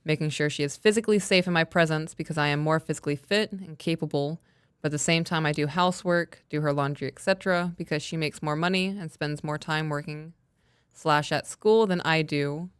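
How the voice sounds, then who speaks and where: A talkative woman podcast co-host with a smooth, fairly low voice. She chats casually and reads listener emails aloud, laughing easily. The sound is dry and close, with no room echo. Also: brisk. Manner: chatty, playful, laughs easily.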